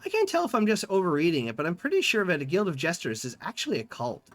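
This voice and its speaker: Male streamer reading game dialogue aloud; lively, slightly high voice. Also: quick pace, dry recording. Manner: lively, reads in-game dialogue with small voice changes.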